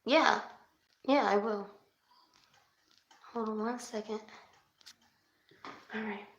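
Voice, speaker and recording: A woman with a fairly high voice hosts a livestream spirit session as a psychic reader. She is chatty and easily worked up, calling her viewers babes. The sound bounces around an echoey room. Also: steady tone, slow, highs cut off, slight background noise.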